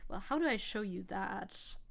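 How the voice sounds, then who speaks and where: A woman's voice: mid-range voice, lively intonation, normal speed, creaky. A young woman streaming as a VTuber, chatting casually and rambling, often giggling and reading chat aloud.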